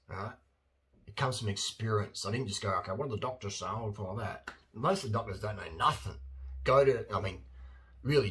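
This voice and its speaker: A man, talking in a casual, blunt monologue and acting out silly voices with bursts of laughter. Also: on the low side. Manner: animated, acts out silly voices and laughs often; blunt and opinionated. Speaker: vlogger.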